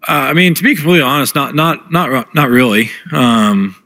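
A man's voice: mid-range voice, animated, moderate pace, pushed and bright. A man answering at a press conference, candid and hesitant. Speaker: pro golfer at press conference.

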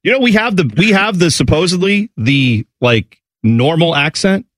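A man hosts a casual morning show, rambling from point to point. His voice sits a little high and sounds dry and close in the studio. He slips easily into mocking bits of other people's voices. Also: animated, normal speed, a bit bright, no echo. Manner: rambling, drops into mocking impressions.

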